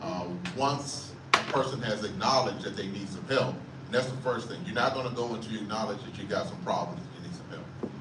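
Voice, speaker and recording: A man speaking earnestly at a community panel, halting with frequent "uh"s. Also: on the low side. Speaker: foundation founder at a panel. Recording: echoey room, distant mic, background noise.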